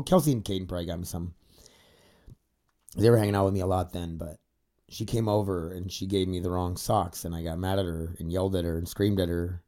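Man, young adult, confessional vlog, candid, swearing, rambling, tearful at times, warm low voice. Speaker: podcaster. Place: indoor studio set facing a camera.

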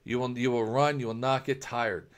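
A man's voice: medium pitch, fairly even intonation, moderate pace. A man preaching a sermon, earnest and repetitive, often restarting phrases as he builds a point. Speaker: preacher, ministry founder.

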